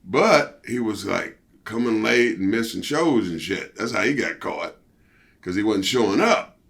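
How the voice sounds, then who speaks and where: Low-voiced man telling a loose story. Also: a little slow, vocal fry. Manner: animated storyteller, jumps high for quoted outbursts; loose, profane, trailing "you know, see?". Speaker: interview guest, former pro wrestler. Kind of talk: casual storytelling interview.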